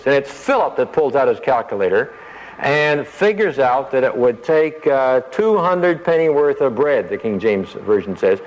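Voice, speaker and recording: A man's voice: medium pitch, sing-song, measured pace, in a large hall, highs cut off. A man giving a conversational Bible teaching, thinking aloud as he explains the passage and acting out the quoted lines.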